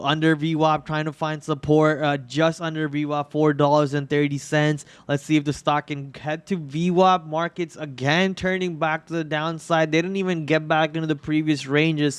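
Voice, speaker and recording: A hoarse man hosting a live trading stream, talking through stock charts in a rambling way with many restarts, on a podcast microphone. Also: fairly high pitch, dry recording. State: hoarse, itchy throat. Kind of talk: live market commentary.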